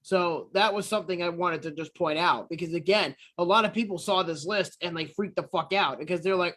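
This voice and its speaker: A man's voice: high-pitched, brisk, a bit bright. A man co-hosting a casual sports podcast, talking bluntly and swearing freely. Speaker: podcast co-host.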